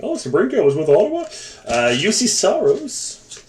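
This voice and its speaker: Dude ripping card packs live, joking with chat, echoey room, bit of hiss. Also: male voice, high-pitched, wildly swooping pitch, moderate pace, darkish tone. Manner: chatty, joking asides to viewers. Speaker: card break host. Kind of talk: casual live card-break commentary. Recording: echoey room with faint noise.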